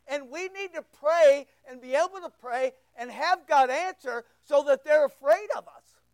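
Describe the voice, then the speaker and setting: A preacher giving an impassioned, emphatic sermon that swings between loud outbursts and hushed asides. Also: high-pitched, moderate pace, no room sound.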